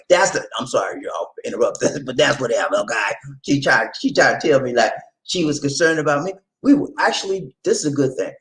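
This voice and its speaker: Animated low-voiced woman host. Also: rough recording. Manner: animated, laughing, storytelling. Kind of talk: casual chat.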